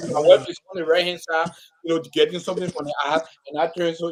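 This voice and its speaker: A man's voice: on the high side, fairly even intonation, quick pace. A man hosting a casual live-stream panel chat, rambling with stammered restarts and frequent laughter. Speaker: host.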